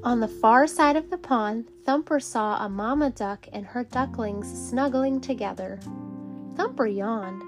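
A woman reading a bedtime story aloud to children, gentle and calm. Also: a little high, measured pace, over music. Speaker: storybook reader.

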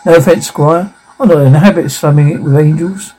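A man's voice: fairly high pitch, fairly quick, warm tone, husky, low-quality recording. An actor playing a cynical, streetwise male occult investigator, talking in a dry, sardonic, blunt way.

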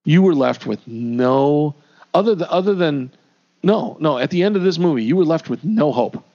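A man with a gravelly edge chats about a movie as a podcast co-host. He jokes around and trips over his words, often restarting. The audio is dull and lo-fi. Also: fairly high pitch, expressive, moderate pace, dark tone. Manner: jokey, stumbling restarts. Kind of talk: casual movie review chat.

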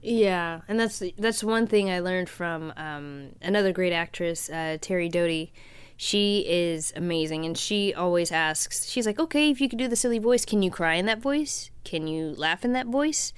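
A woman's voice: lowish voice, unhurried, smooth, dry recording. A woman voice actress in a casual chat, speaking earnestly and laughing easily.

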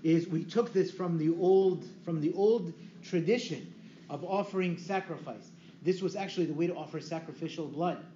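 High-voiced priest in an echoey hall. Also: male voice, moderate pace. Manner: lively, asks the audience questions and answers them. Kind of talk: teaching sermon. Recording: echoey room, dull lo-fi sound, faint hiss.

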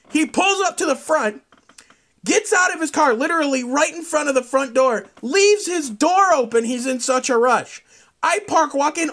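A man hosting a solo podcast, telling a profane, rambling story that climbs into loud outbursts. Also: extremely high pitch, animated, moderate pace. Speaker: podcast host.

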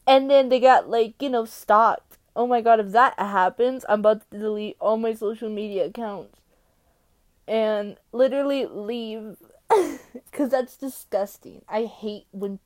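Rambling, excitable woman podcaster. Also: a little high, measured pace. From United States. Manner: rambling and excitable, jumping between topics with many fillers; swings between loud exclamations and quiet mumbling. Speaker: podcast host. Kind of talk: casual solo podcast chat.

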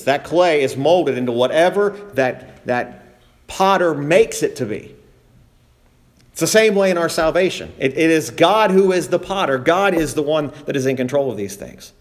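A man preaching a sermon, reading scripture aloud and stressing points by repetition and slowing down. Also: medium pitch. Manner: emphatic preaching, repeating phrases for stress, slowing down on key points; reads scripture aloud in King James wording.

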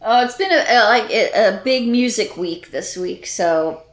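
A woman in her thirties co-hosting a podcast, chatting casually and reminiscing in a relaxed way. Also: on the high side, measured pace. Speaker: podcast co-host. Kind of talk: casual chat.

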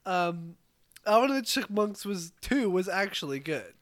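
A man co-hosts a casual podcast from home, rambling, swearing, laughing a lot, and stumbling over his words. His voice is high and fairly bright, with big pitch swings and an unhurried pace, recorded indoors on a podcast mic.

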